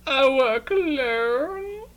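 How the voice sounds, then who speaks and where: A woman's voice: sits high, lively intonation, drawn-out words, fairly bright tone, exaggerated voice, poor audio. A woman voicing an aloof lone hero who gives terse orders and narrates in a grand tone, in a fan-dub adventure. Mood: curt.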